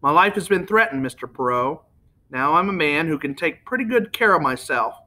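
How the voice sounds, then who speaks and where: A man voicing a rich American businessman who speaks softly and persuasively, with a faintly nasal tone. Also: a little high, expressive, normal speed.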